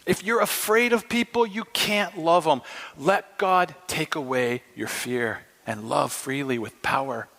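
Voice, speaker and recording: A man's voice: on the high side, a little slow, creaky, sharp tone. A man preaching a sermon in an impassioned, emphatic way, acting out dialogue. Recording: long hall reverb.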